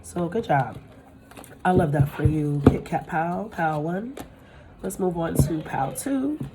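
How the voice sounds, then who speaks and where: Blunt, low-voiced woman reading tarot cards. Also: lively intonation, slow, heavy background noise. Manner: chatty and blunt, swears freely, laughs often. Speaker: tarot reader. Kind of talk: casual tarot reading to viewers. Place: at home with pets nearby.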